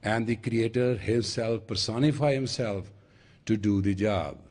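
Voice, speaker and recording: This older man has a lowish, darkish voice and an Indian accent, speaking at a measured pace. A spiritual teacher, he delivers an emphatic sermon-style lecture built on storytelling, acting out the dialogue as he goes.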